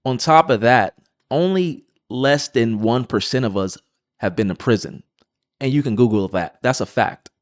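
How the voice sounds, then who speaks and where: A man's voice: mid-range voice, lively intonation, normal speed, no echo. A man giving combative, insistent reaction commentary on a clip.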